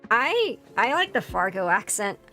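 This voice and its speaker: A VTuber streamer with a Philadelphia accent chats casually while building a model kit, rambling with plenty of fillers and restarts. Her mid-range voice is very animated, unhurried, pushed, and bright, with faint music in the background.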